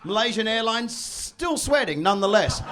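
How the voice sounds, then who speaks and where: A man with an Australian accent performing a loud, profane stand-up comedy set. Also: sits high, big pitch swings, normal speed, noisy background. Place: comedy venue under a pub.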